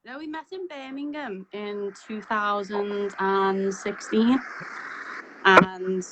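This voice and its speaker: A woman joining a livestream by video call as a friend, chatting shyly and warmly over a choppy connection. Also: medium pitch, slow pace, a crowd in the background. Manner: warm, slightly shy, chatty. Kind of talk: casual video call chat. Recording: noisy, choppy call line.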